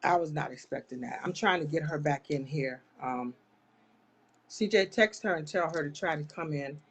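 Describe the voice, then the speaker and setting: A woman's voice: sits low, normal speed, slightly rough. A woman hosting a live online talk show, speaking straight to her viewers in an impassioned, churchy way. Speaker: live-stream host. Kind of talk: casual live chat.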